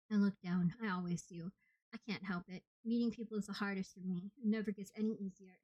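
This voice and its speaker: A woman narrating an audiobook in the first person with steady, plain storytelling. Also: mid-range voice, fairly quick, no room sound, dull audio. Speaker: audiobook reader.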